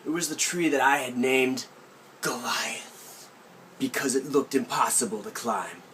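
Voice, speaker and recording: A man's voice: mid-range voice, normal speed, a little hiss or hum. A young man vlogging from his aunt's country house, telling a childhood story with a playful, mock-serious delivery. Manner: animated, playful deadpan storytelling. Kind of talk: comic storytelling vlog.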